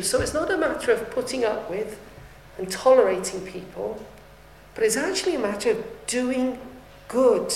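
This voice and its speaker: A woman's voice: a little high, animated, moderate pace, gravelly, darkish tone, a little hiss or hum. A woman preaching a sermon, earnest and rising to fervent appeals. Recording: echoey room.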